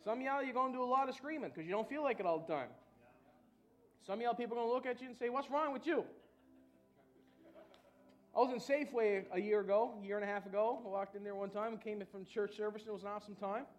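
High-voiced shouting preacher. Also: male voice, fast. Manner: shouts of woo, call and response. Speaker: pastor. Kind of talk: energetic sermon. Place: church.

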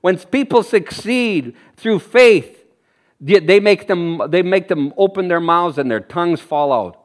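A man from Canada preaching a sermon in an animated way, laughing and acting out the people he quotes. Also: high-pitched, unhurried. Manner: animated, laughs often, acts out quoted voices.

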